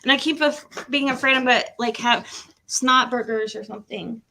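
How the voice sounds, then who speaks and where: A woman's voice: high voice, fairly even intonation, moderate pace, bright, forceful tone. A woman doing a casual tarot-reading livestream at home, emotional and nervous, laughing between readings and talking to her pet.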